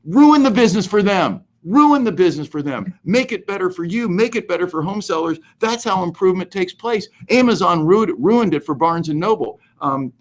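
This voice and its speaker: A man hosting a live question-and-answer show, giving animated, emphatic advice and explaining the law step by step. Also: high voice, normal speed, few pauses. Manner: animated, emphatic, goes overboard. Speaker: host answering real estate questions.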